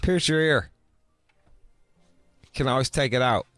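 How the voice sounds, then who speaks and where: Faint music sits behind a middle-aged man with a mid-range, fairly bright voice, recorded with no echo. He co-hosts a casual podcast at an unhurried pace, talking bluntly, swearing often and mimicking people in his stories.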